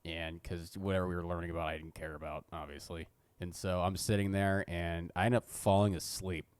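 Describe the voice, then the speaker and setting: A man's voice: low-pitched, flat delivery, fairly quick, smooth, no room sound. A young man co-hosting a podcast, telling rambling, self-mocking school stories and swearing freely. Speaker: podcast co-host. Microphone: podcast studio mic.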